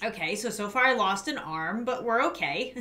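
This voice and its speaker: A woman's voice: mid-range voice, animated, normal speed, loud music behind the voice. A young woman reacting dramatically to a mobile game, gasping and shrieking as she plays. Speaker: gaming YouTuber. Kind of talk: game commentary with ad read.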